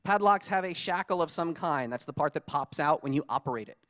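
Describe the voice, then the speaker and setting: A man giving a conference talk, telling lively stories and acting out his own frustrated quotes. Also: on the high side, a little fast. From United States. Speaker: conference speaker. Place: conference hall.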